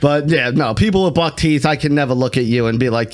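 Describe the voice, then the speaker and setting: A man's voice: medium pitch, fairly quick. A young man co-hosting a casual podcast, joking and giving strong opinions in a rambling way. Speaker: podcast co-host. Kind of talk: casual chat.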